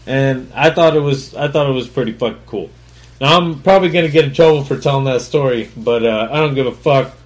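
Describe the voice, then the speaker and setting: A man's voice: mid-range voice, fairly quick. A man, a chef and podcast host, telling a story in a blunt, profane, boastful way and rambling with fillers and restarts. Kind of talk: casual solo storytelling.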